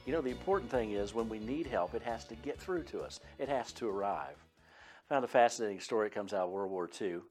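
A man's voice: lowish voice, fast talker, a little mellow, faint music behind. A man, a pastor and Bible teacher, preaching an earnest, emphatic sermon with frequent fillers. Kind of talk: radio sermon.

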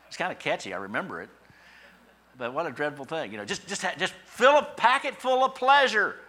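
A man's voice: mid-range voice, pushed and bright. A man preaching a sermon in a conversational, storytelling way, acting out voices in his asides. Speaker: pastor.

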